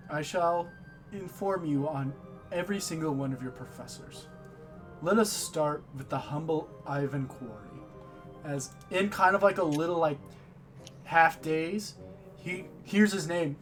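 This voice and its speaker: A man narrating as game master of a tabletop game, speaking in slow, deliberate phrases with many pauses. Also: fairly high pitch, faint music behind.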